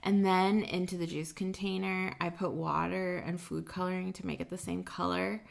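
A woman's voice: fairly low pitch, level tone, normal speed, creaky. A woman in her thirties co-hosting a podcast, chatting casually at her home kitchen table and telling stories with plenty of fillers. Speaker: podcast co-host. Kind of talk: casual chat.

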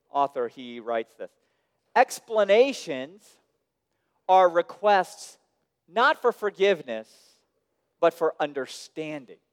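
Resonant preacher in a reverberant hall. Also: male voice, a little high, clean tone. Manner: dynamic preaching, dropping soft and rising loud. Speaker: pastor. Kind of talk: sermon. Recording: long reverb of a large hall.

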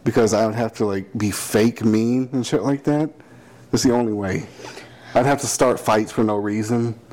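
A man's voice: on the low side, normal speed, warm tone. A man co-hosting a podcast in casual crude banter, swearing often and laughing a lot. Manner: profane, laughing, acts out mocking voices. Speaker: podcast co-host.

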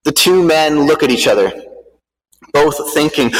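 A man preaching, telling a dramatic story in a vivid, measured way, recorded with a long hall reverb. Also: on the high side, animated.

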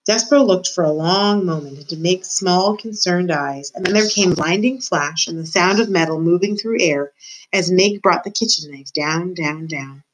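Expressive woman teacher reading aloud. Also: fairly low pitch, moderate pace, rough recording. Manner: expressive, storytelling. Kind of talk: reading a children's book aloud.

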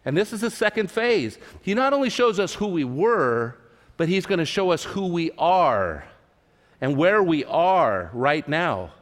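A man's voice: fairly high pitch, big pitch swings, a little slow. A man from California preaching a sermon at a church service, earnest, repeating his words and asking the listeners questions. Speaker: pastor. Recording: long hall reverb.

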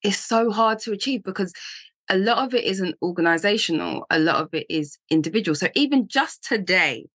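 A woman co-hosting a podcast, talking in a thoughtful, animated, casual way. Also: mid-range voice, fairly quick, dry recording. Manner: thoughtful, animated, laughs easily. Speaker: podcast co-host. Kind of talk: casual chat.

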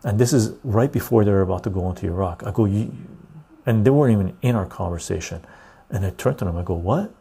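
A low-pitched man with a dark, rough, fry-edged voice hosts a casual talk show. He tells stories and rants bluntly, often tagging his points with "right?". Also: quick pace. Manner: blunt, ranting, loose storytelling with frequent "right?". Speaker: podcast host.

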